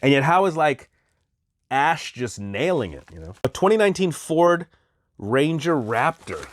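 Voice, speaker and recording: A man chatting excitedly as he unboxes a package of collectible toys, exclaiming at each find. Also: on the high side, a little slow. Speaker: toy collector vlogger. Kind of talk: casual unboxing chat.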